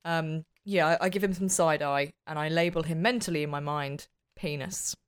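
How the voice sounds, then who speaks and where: A woman's voice: low-pitched, normal speed, clean tone. A woman playing in a tabletop game, wry and casual, often restarting her sentences. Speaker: player.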